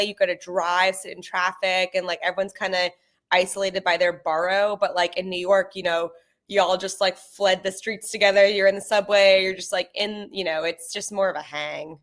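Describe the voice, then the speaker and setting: A woman's voice: mid-range voice, fairly even intonation, moderate pace, a bit bright. A woman guesting on a podcast, chatting casually and upbeat with lots of "like". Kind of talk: casual chat.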